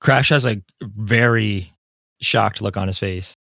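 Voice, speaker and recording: A man's voice: fairly low pitch, slow, gravelly, a bit bright, dry recording, clean studio sound. A man playing a tabletop game, describing his character's actions in a laid-back way. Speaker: player. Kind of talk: casual play.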